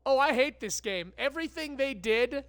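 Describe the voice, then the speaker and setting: A woman's voice: high voice, lively intonation, moderate pace, dry recording. A woman streamer giving live gameplay commentary, ranting with lots of swearing and stammered restarts. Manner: profane, exasperated ranting.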